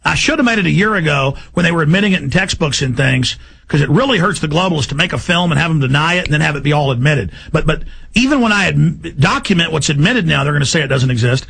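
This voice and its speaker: A gravelly, bright-toned man hosting talk radio, riding a high voice for a man. He rants in a fast, agitated stream that keeps climbing into shouts. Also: lively intonation. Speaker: radio host. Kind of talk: heated talk radio rant.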